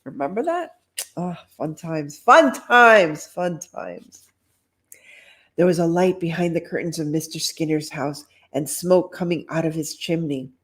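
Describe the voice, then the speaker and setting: Middle-aged woman, storytime reading, slow, low, chatty asides. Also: mellow. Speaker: storytime reader.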